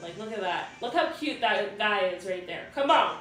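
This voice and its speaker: In her thirties and from Ontario, Canada, a woman hosts a casual livestream, freely swearing and reading viewers' comments out loud. Her medium-pitched voice is animated and a bit bright, at a moderate pace. The room sounds roomy, the mic distant, and music plays underneath.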